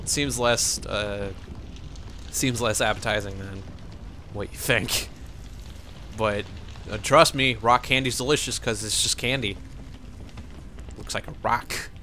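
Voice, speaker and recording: A man's voice: mid-range voice, pushed and bright. A young man giving casual, rambling let's-play commentary, joking and laughing as he plays. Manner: rambling, jokey, laughs often.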